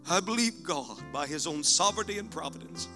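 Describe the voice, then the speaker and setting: High, bright preacher. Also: male voice, expressive, a little fast, faint music behind. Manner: swings from shouting to hushed prayer. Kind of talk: sermon. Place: church.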